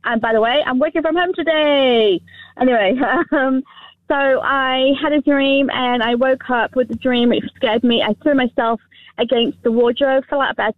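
A woman's voice: a little high, dry recording. A woman calling a radio show, telling a rambling, cheerful story over the phone. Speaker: radio caller. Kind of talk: phone-in chat. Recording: tinny dry phone line.

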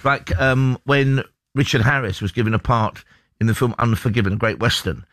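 A man's voice: mid-range voice, normal speed, a bit bright, dry recording. A man hosting a sports radio show, presenting with jokey banter. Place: radio studio.

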